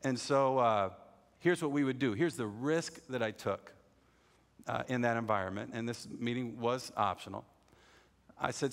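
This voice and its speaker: A middle-aged man preaching a sermon in a voice of ordinary pitch. He speaks earnestly and hammers home his refrains by repeating them. His voice rings with the long reverb of a large church auditorium. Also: normal speed, creaky.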